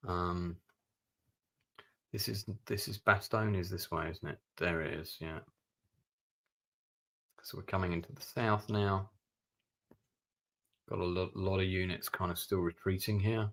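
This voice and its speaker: A man's voice: low voice, steady tone, a little slow, pauses often, fairly bright tone. A man streaming a strategy game, giving gameplay commentary and thinking aloud with muttered asides.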